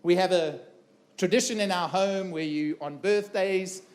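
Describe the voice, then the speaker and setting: A middle-aged man with a fairly high voice speaks from a conference stage. He tells a personal story in an earnest way, repeats key phrases and puts questions to the crowd. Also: unhurried. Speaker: keynote speaker. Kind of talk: personal story told to a live audience. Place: conference room before a live audience.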